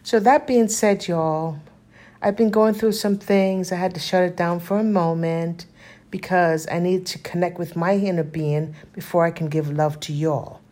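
A woman in her fifties vlogging in a casual, heartfelt way, earnest and spiritual, rambling with frequent pauses and fillers. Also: on the low side, fairly even intonation, warm tone. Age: 50s. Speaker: lifestyle vlogger.

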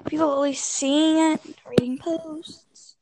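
A young woman co-hosts a casual podcast chat, rambling and distracted, swearing offhandedly while fiddling with links. Her high voice has fairly even intonation, a slow pace and vocal fry, with background noise present.

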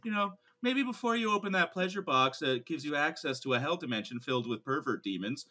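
A man's voice: fairly high pitch, animated, fairly quick, hardly any pauses, sharp tone. A man co-hosting a podcast, chatting casually and joking about a movie with frequent laughter. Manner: jokey, giggly, riffs in silly voices. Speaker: podcast co-host. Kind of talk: casual comedic movie chat.

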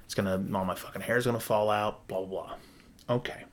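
A man's voice: fairly low pitch, brisk. A man casually telling a long story about his rental properties, swearing freely and acting out both sides of conversations. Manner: profane, animated, acts out dialogue.

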